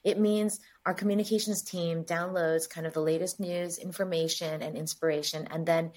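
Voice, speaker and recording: A woman from the United States, a guest in an interview, telling stories in a lively way and acting out the dialogue. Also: on the low side, moderate pace. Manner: lively storyteller, acts out dialogue. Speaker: guest, agency chief executive. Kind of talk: interview storytelling.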